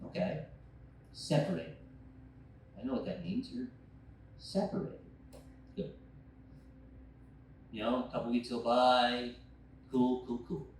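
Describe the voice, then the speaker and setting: Rambling young stand-up comic in an echoey bar. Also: male voice, mid-range voice, measured pace, long pauses, slight background noise. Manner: loose, rambling, swearing, acting out scenes with shouted quotes. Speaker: stand-up comedian. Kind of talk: stand-up storytelling. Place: bar stage. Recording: echoey bar room from far off.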